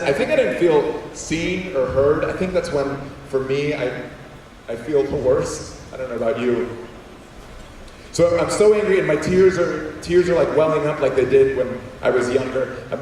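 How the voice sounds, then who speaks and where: A young adult man telling funny stories as a guest speaker in a large school auditorium, animated and acting out quotes in voices. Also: mid-range voice, a little hiss or hum. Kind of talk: comedic storytelling talk. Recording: echoey hall, distant mic.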